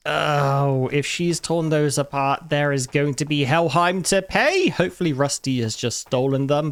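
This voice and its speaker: A man's voice: on the high side, expressive, moderate pace, few pauses, no echo. A man giving casual commentary over his own gameplay as a regular video maker, chatting to the characters and breaking into bursts of mock outrage. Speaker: gaming YouTuber.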